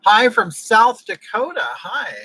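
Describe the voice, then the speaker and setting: A man's voice: high-pitched, big pitch swings, takes it slowly, bright, forceful tone, breathy edge, dry recording, low-quality recording. A man from California hosting a casual livestream chat, ranting bluntly with strong opinions. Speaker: livestream host.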